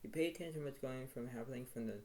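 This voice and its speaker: A man's voice: medium pitch, fast, a little mellow, poor audio. A man giving a weekly tarot reading, rambling and repeating himself as he names each card. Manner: rambling, repetitive, filler-heavy.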